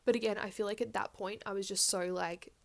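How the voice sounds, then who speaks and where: A woman's voice: medium pitch, level tone, brisk, gravelly. A young woman telling her birth story in candid, chatty style, swearing freely. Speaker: vlogger. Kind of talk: casual birth story chat.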